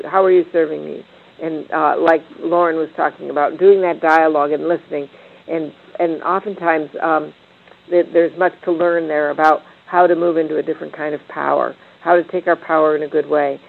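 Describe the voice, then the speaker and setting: Gravelly older woman on a tinny line. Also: sits low. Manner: meandering, many restarts and fillers. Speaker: discussion leader. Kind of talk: reflective panel talk.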